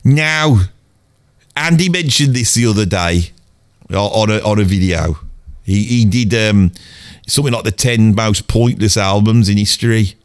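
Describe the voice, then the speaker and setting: A man's voice: lowish voice, unhurried, clean tone, dry recording, studio quality, close to an everyday voice. A man playing a grumbling middle-aged Birmingham bloke with a Birmingham accent, rambling on and swearing mildly in a comedic monologue. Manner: rambling rant peppered with "bloody".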